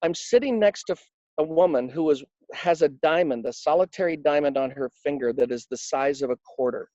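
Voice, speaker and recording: Man, interview guest, animated storyteller, slightly high voice, dry dull recording. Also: brisk, dry recording. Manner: emphatic, animated anecdote telling with acted-out quotes. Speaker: interview guest, financial advisor coach.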